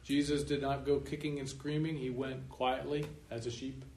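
A male pastor giving a sermon emphatically, slowing down to stress key points and chuckling at his own remarks. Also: medium pitch, flat delivery, darkish tone. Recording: roomy room echo, faint noise.

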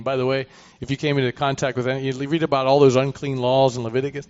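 A man's voice: medium pitch, fairly even intonation, fast. A man teaching through a Bible passage, reading verses aloud and commenting in a conversational way with asides. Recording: dull lo-fi recording.

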